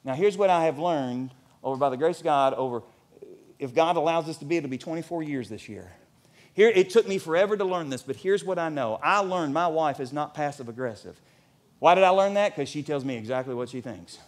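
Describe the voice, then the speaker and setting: A pastor in his forties preaching a sermon in a church, animated and at times nearly shouting. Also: fairly high pitch, a little fast.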